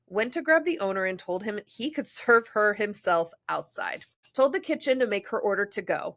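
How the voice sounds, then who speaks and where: A woman podcast host reading a listener's story aloud, breaking off to joke and laugh in casual asides. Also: medium pitch. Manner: animated, laughs and jokes between read passages.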